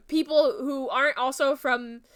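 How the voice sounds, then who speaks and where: A woman's voice: high voice, fairly bright tone. A young woman with a New Jersey and Philadelphia-area accent, chatting casually on her stream in a rambling, self-mocking way and giggling often. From New Jersey, USA. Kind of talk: casual chat.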